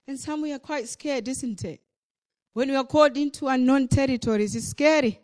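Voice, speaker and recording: A woman's voice: sits high, moderate pace, a little mellow. A woman preacher delivering a sermon at a church service, emphatic, with many repeated phrases and a rising and falling delivery.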